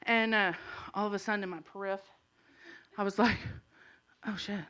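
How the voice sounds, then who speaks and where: A woman's voice: mid-range voice, little pitch movement, fairly quick, fairly bright tone, clear, resonant tone. A woman telling a true comic story on a live stage, laughing through her lines and acting out the people she quotes. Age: 40s. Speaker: storyteller comedian. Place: small live venue stage.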